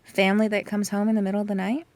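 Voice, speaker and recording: A woman's voice: medium pitch, level tone, rapid-fire, darkish tone, no echo, natural voice. A woman voicing a curious, prying teenage girl in a casual book reading. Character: teen girl, curious and pushy.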